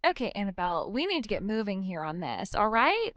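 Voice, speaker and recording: A woman's voice: medium pitch, big pitch swings, brisk, fairly bright tone, dry recording, lo-fi sound. A woman voicing a selfish young mother who dismisses her own baby, in scripted dialogue. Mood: scornful. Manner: scornful, dismissive, sneering. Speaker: voice actor in a text-story drama.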